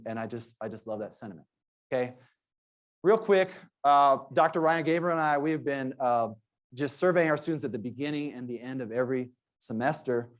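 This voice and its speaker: A man, a sociology professor, giving an earnest conference presentation and telling stories, with frequent restarts. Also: mid-range voice.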